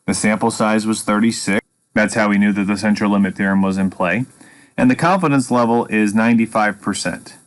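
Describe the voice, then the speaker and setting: Low-voiced man teaching statistics. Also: steady tone. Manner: patient, measured explaining with dry humor. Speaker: math teacher. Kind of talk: screen-recorded statistics lesson.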